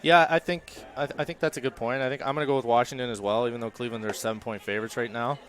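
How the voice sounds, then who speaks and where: A man's voice: mid-range voice, fairly even intonation, very fast, a bit bright. A man co-hosting a casual sports talk show from a bar and grill, chatty and easygoing as he gives his picks. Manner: easygoing, chatty, laughs along.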